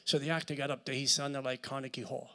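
Speaking fast in a medium-pitched voice, a Puerto Rican-accented man gives a sermon as a church service's guest speaker. He tells lively stories and works his way up to loud preaching.

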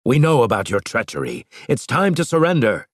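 Man doing gruff old admiral, stern, barking, raised pitch, lively. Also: brisk, no room sound, studio quality.

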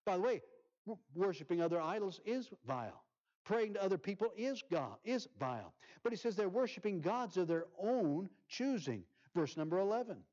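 A male pastor preaching a sermon, reading scripture aloud and swinging from loud emphasis to soft near-whispers. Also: high voice, big pitch swings, normal speed, highs cut off.

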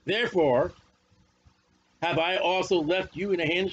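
Male preacher, high-pitched, folksy and emphatic, slightly dull recording with faint background ambience. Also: animated, fairly quick, slight background noise. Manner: folksy, emphatic, repeats phrases. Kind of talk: Bible study sermon.

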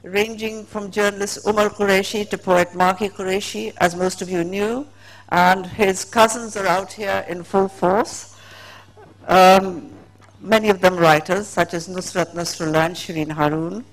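A woman's voice: medium pitch, steady tone, measured pace, rough recording. A woman moderating at a literary festival, reading a prepared biography to introduce the guest. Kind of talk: formal introduction. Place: festival stage.

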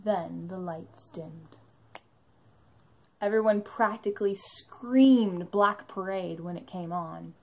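A woman's voice: on the low side, takes it slowly, a little mellow, rough recording. A young woman narrating an enthusiastic fan vlog about a live show she went to, in a bubbly storytelling manner.

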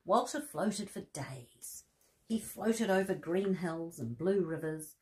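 A woman reading a bedtime story aloud to children, expressive, with soft gasps and friendly asides. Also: on the low side, slow.

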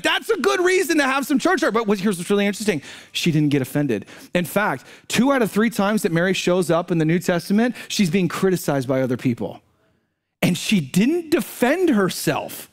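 Male pastor, high voice, animated sermon delivery, talks straight to the congregation with rhetorical questions. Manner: animated preaching, sudden swings between low asides and high emphatic bursts.

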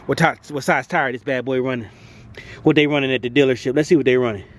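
A man in an excited car walkaround vlog, talking outdoors at a dealership lot in a hyped, slangy way with rhyming wordplay and repeated catchphrases. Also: medium pitch, quick pace. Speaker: car vlogger.

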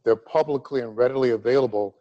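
A middle-aged man from Louisiana giving a grand rounds medical lecture, emphatic and deliberate in his pacing. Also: mid-range voice, warm tone, highs cut off. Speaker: cardiology lecturer.

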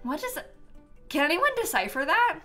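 High, lively, giggly woman streamer. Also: moderate pace, soft background music. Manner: giggly and animated, breaks into laughter. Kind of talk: casual chat on a live stream.

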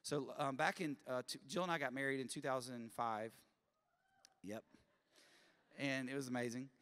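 A man in his thirties, a college president preaching at chapel, telling stories in an animated way and jumping loud and high for humor. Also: normal speed, clean tone. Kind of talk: sermon with storytelling. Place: large chapel auditorium. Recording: long hall reverb.

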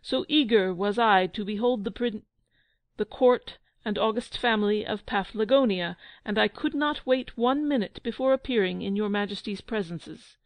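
A woman's voice: mid-range voice, normal speed, no echo, lightly acted. A woman voicing a pompous, blustering young prince in a storybook reading, boastful and huffy.

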